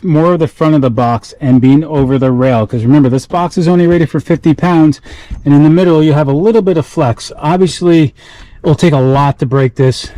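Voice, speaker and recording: Short-of-breath man, casual gear vlogger, mellow and dark in tone, loose and self-correcting. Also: medium pitch, dry recording, rough recording. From South Carolina. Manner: rambling, self-correcting, talks while working with his hands. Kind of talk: casual how-to vlog.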